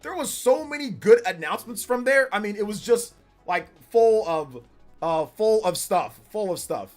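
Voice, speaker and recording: A man in his forties streaming live and reading chat, laid-back with bursts of animated teasing. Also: sits high, normal speed. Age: 40s. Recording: faint music behind the voice.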